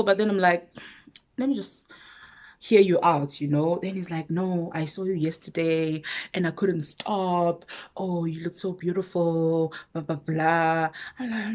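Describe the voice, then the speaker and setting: A young South African woman vlogs a personal story, casual and animated, playing both sides of the conversation herself. Her voice sits lowish and moves at a normal speed.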